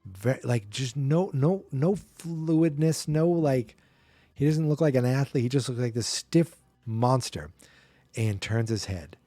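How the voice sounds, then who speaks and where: A man hosting a podcast, recapping a film in a casual, animated, enthusiastic way with some swearing. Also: mid-range voice, measured pace, no echo, soft background music. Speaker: podcast host.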